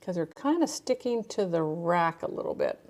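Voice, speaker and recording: A woman's voice: fairly low pitch, expressive, moderate pace, darkish tone. A woman hosting a casual cooking livestream from her home kitchen, chatting with viewers by name and often restarting her sentences.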